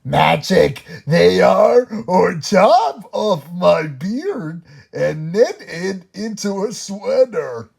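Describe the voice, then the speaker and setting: A woman voicing a strange little bearded man in a bedtime story, with a croaky voice. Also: on the low side, animated, drawn-out words, hardly any pauses, a little mellow, full character voice.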